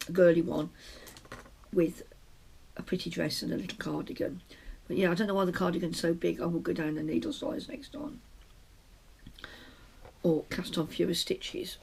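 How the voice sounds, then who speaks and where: A gravelly, husky-voiced British woman chats her way through a crafting update, rambling and stopping to restart her sentences. She talks from a small shut room at home. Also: lowish voice, a little mellow. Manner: rambling, chatty, self-interrupting. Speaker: podcast host. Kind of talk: casual knitting podcast chat.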